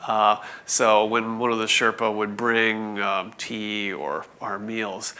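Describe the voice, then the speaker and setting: Bright-voiced man giving a conference talk. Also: fairly low pitch, fairly even intonation, smooth. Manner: halting, full of fillers and restarts. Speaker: conference speaker. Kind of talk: presentation talk.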